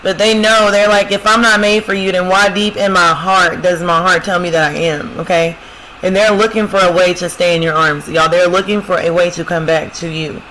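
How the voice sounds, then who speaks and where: A woman gives a casual prophetic love reading with a bright, sharp, forceful tone. She speaks straight to her viewers, keeps saying "y'all" and "I'm telling you," and reads song lines aloud before explaining them. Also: fairly low pitch, steady tone, normal speed, slight background noise, low-quality recording. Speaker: spiritual love-reading host.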